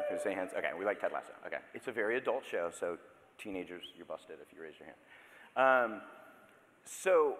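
A man in his thirties gives a sermon from a church stage in a fairly low voice that swings animatedly up and down. He talks in a conversational way, breaking off for playful asides and restarts. His voice rings with the long reverb of a large sanctuary. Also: a bit bright. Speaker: preacher.

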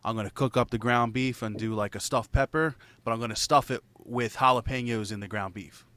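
A man's voice: medium pitch, steady tone, brisk, sharp tone, dry recording. A man in casual chat, telling a rambling, profanity-laced story and laughing between lines.

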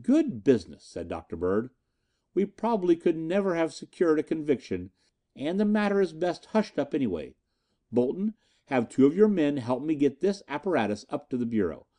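Brief: authoritative big investigator, voiced by the narrator, mellow and curt. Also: male voice, on the high side, sing-song, pitched above the performer's own voice. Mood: brisk. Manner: brisk, authoritative orders. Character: big, commanding male scientist-detective.

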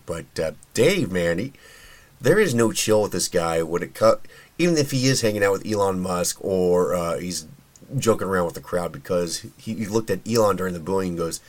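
A man with a very low voice hosts a podcast on his own. He talks in a loose, opinionated, chatty way. He fills his speech with ums and uhs and often restarts his sentences. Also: lively intonation, a little fast. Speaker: podcast host. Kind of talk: casual solo commentary.

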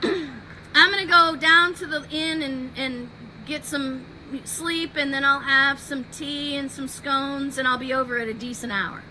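A woman voicing a frantic colonial male rider who shouts warnings at the top of his lungs. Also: high voice, a little slow, slight background noise, heavily acted, low-quality recording. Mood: flippant.

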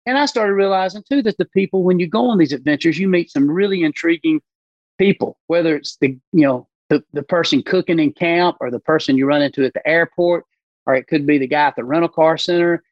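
Animated, storytelling man on a podcast. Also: fairly high pitch, fairly quick, no echo, muffled recording. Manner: animated storyteller who acts out quoted voices. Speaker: podcast guest, bowhunter. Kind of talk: casual podcast conversation.

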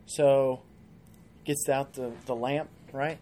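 A man as a podcast guest, telling a long joke in an animated, casual way. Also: medium pitch, measured pace, pauses often, a little hiss or hum. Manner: animated storyteller.

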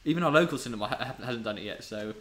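A man's voice: medium pitch, expressive, fairly bright tone. A young man co-hosting a casual podcast chat, rambling and stumbling over restarts. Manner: rambling, halting restarts, chatty. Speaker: podcast co-host.

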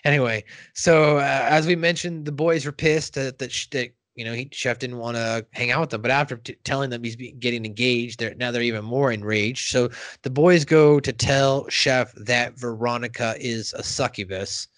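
A man's voice: medium pitch, fairly even intonation, normal speed, a bit bright, dry recording. A man hosting a podcast, chatting casually with rambling jokes and crude language. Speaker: podcast host. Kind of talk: casual chat.

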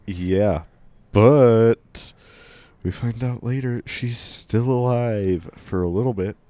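A man's voice: mid-range voice, takes it slowly, warm tone, no echo. A man casually chatting on a podcast, rambling with lots of fillers. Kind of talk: casual chat.

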